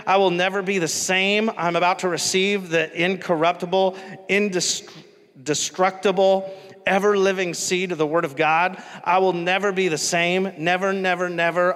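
A man's voice: sits high, fairly bright tone, long reverb tail. A man impersonating a famous male Southern megachurch preacher reciting a creed, in an exaggerated put-on accent and an emphatic, chanting cadence.

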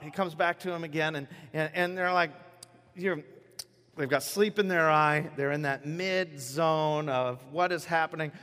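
A man in his thirties delivers a sermon with animated storytelling and plays out little scenes in quick voices. His voice sits a bit high for a man. The room gives it a long, ringing reverb. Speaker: pastor.

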